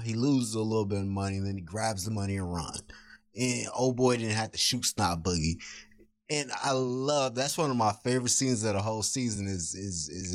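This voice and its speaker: Low-voiced man chatting enthusiastically. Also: no room sound. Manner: enthusiastic, rambling with restarts. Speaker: podcast host. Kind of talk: casual TV review chat.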